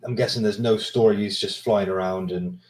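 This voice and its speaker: A man's voice: fairly low pitch, steady tone, normal speed, a crowd in the background. A man in a casual gaming chat, joking around and firing off questions. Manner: jokey, fires off questions. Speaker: co-host.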